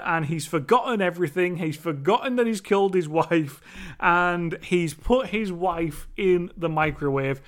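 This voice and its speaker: A young man casually reviewing a movie, rambling, laughing and mimicking lines from the film. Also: high voice.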